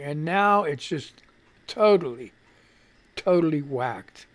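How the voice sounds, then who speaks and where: A man hosting a live radio show mutters and swears casually in frustration while fixing his stream setup. His voice is a little high and fairly bright, very animated yet at a measured pace, in the style of casual live-stream commentary.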